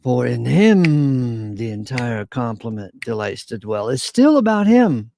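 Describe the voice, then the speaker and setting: A man leads an informal Bible study, reading scripture slowly and breaking off into casual asides. His voice is low-toned, mellow and gravelly, and he speaks at an unhurried pace. The sound is dry and close, with no room echo. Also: very animated. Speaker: Bible teacher.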